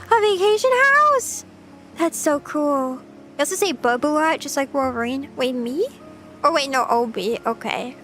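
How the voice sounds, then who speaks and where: A young woman VTuber streams a casual chat in a high-pitched, pushed, bright voice. She's playful and talkative, often giggling as she reads her chat.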